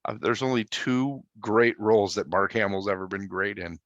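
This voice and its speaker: A man's voice: on the low side, moderate pace, a bit bright, dull audio. A man co-hosting a podcast, talking casually about a film and acting out his own reactions. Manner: chatty, acts out his own thoughts as quotes. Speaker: podcast co-host. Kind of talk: casual movie review chat.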